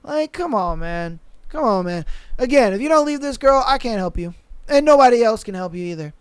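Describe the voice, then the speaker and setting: A man's voice: very high-pitched, lively intonation, fairly quick, clean tone, no echo. A man hosting a podcast who gives blunt, profane advice in a rant full of slang and repeated lines. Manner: slangy, says bro a lot. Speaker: podcast host. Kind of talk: ranting advice commentary.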